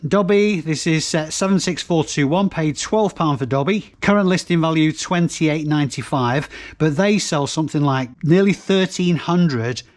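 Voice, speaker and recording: A chatty man with a Northern English accent talks through his finds in a casual, matter-of-fact way. His voice sits a touch higher than most men's. He reels off set numbers and prices one after another. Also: moderate pace. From North West England. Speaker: reseller vlogger. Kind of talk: casual product rundown to camera.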